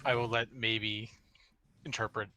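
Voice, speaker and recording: A man's voice: lowish voice, flat delivery, unhurried, bright, forceful tone, a little hiss or hum. A man running a tabletop game as game master, laid-back and often laughing.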